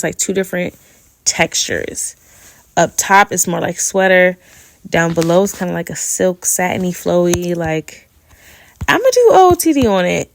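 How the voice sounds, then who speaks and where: A woman's voice: medium pitch, a bit bright, no echo. A young woman hosting a casual solo podcast, chatting with playful slang and laughing as she goes. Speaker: podcast host.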